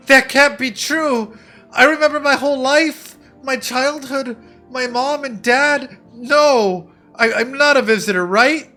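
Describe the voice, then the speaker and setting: A man voicing a scared young survivor in a game, telling a story in a shaken, hushed way. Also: extremely high pitch, pitched above the performer's own voice, exaggerated voice. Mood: panicked. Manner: hushed and shaken, then pleading and panicky. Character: young frightened survivor recounting an escape.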